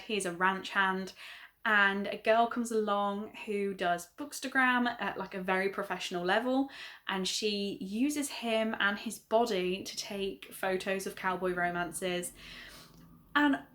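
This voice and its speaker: A woman's voice: medium pitch, fairly even intonation, a little slow, fairly bright tone. A young woman, chatting through her monthly reading wrap-up in a gushing, self-correcting way. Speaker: book vlogger.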